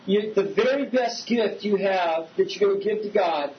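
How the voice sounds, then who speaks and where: High-voiced man preaching a sermon. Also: moderate pace. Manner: conversational preaching, asks the congregation questions. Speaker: pastor. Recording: slightly dull recording with faint hiss.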